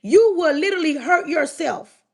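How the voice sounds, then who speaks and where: A woman's voice: high voice, animated, moderate pace, creaky. Emphatic woman preaching on a livestream. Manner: repetitive, emphatic, speaks in direct address. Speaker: livestream host giving spiritual advice. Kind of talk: preaching-style livestream talk.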